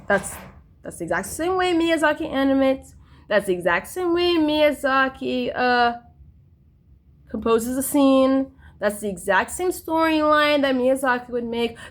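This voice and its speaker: A woman vlogging in a casual, rambling monologue, repeating herself insistently and swinging between loud bursts and near whispers. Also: sits high. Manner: frequent fillers and restarts.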